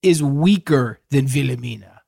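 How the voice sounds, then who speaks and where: A man's voice: mid-range voice, normal speed, vocal fry, dark tone, no echo, studio quality. A man co-hosting a comedy advice podcast, questioning a caller in a leading, mock-serious way. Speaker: podcast co-host. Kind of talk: comedic casual chat.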